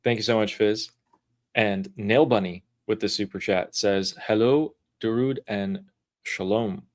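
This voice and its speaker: Low-voiced man reading super chats. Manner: relaxed, reads messages aloud with quick asides. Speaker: livestream co-host. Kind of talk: casual livestream chat reading super chats.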